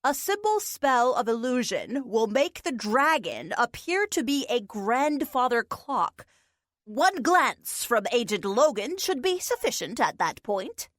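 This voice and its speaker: A woman's voice: fairly high pitch, sing-song, measured pace, fairly bright tone, no echo. A woman voicing a dry, bored male wizard. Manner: dry and formal.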